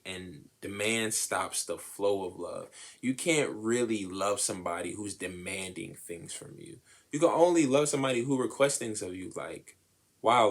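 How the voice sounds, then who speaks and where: A young man co-hosting a podcast, talking casually about relationships in an animated, slangy way, acting out the voices of people he quotes. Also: lowish voice. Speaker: podcast co-host.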